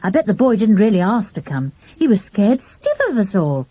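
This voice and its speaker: A woman playing an impatient schoolboy, emphatic and exasperated, lively delivery. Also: medium pitch, moderate pace, no echo.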